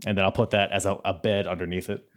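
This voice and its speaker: A man's voice: low voice, little pitch movement, fast talker. A man hosting a casual wrestling podcast, talking in laid-back banter and laughing often. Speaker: podcast host.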